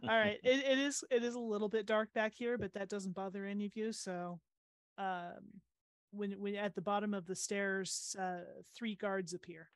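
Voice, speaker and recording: A woman's voice: mid-range voice, fairly even intonation, moderate pace, dry recording. A woman narrating as game master in a tabletop game on a live stream, with a hesitant delivery full of fillers and giggles.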